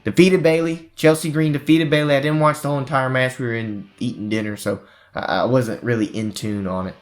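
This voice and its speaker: A man hosting a casual wrestling prediction chat, recapping storylines in an animated way. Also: medium pitch, a little fast, faint music behind. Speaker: wrestling podcast host.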